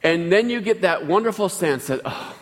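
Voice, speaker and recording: A man's voice: high-pitched, animated, normal speed, big-room sound. A man preaching a sermon as pastor, telling a personal story in a chatty way and asking the congregation questions.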